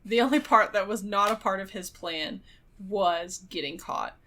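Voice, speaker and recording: Bright-voiced woman recapping a film casually. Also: mid-range voice, a little slow. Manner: rambling retelling with frequent fillers and laughs. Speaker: podcast co-host. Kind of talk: casual movie recap chat.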